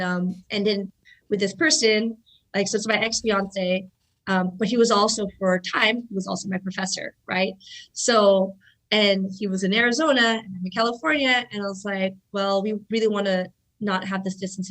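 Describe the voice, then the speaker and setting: A woman in her thirties, a guest telling stories in a chatty, animated way, full of "like" fillers. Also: medium pitch, low-quality recording. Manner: animated, lots of "like" fillers, acts out quotes. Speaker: guest, jiu-jitsu black belt. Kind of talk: casual storytelling interview.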